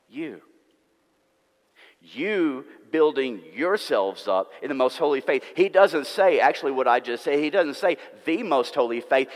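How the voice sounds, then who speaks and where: A man preaching a sermon, earnest and emphatic, repeating words for stress. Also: mid-range voice. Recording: long reverb of a church hall.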